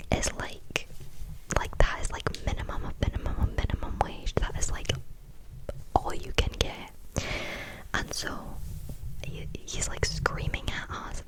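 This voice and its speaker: A young woman, ranting about a bad day at work in a whispered ASMR style, chatty with lots of fillers. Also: rough recording. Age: young adult. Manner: chatty storytelling with many fillers. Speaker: vlogger.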